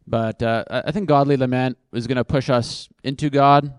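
A man's voice: medium pitch, steady tone, moderate pace, clean tone, no echo, clean studio sound. A man speaking at a conference and answering audience questions off the cuff, thinking aloud in a casual, self-deprecating way.

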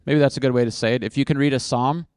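A man at a conference Q&A who answers questions conversationally and pokes fun at his own answers. His voice is smooth and resonant, and it sits at a middle pitch. The sound is dry and close, with little room echo. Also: fairly even intonation, fast, a little mellow. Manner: conversational and self-deprecating. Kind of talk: conference Q&A, thinking aloud.

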